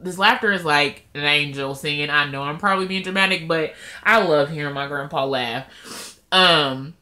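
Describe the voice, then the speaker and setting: A woman's voice: sits low, normal speed. A woman vlogger chatting casually and emotionally straight to her viewers about her weight-loss progress. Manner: emotional and openly expressive, talks straight to viewers. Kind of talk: casual vlog chat.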